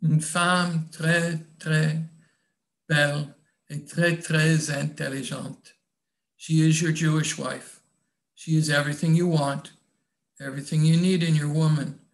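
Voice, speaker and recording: A man voicing a tender, tearful young woman in love, speaking softly and dropping in French endearments. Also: fairly high pitch, level tone, measured pace, gravelly.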